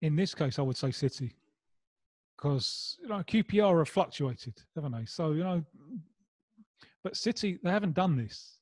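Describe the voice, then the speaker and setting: A man's voice: a little high, expressive, normal speed, long pauses, darkish tone, dry recording. A man with a Mancunian accent, a guest in a casual football chat, rambling with restarts and wry humour. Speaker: guest pundit. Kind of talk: casual discussion.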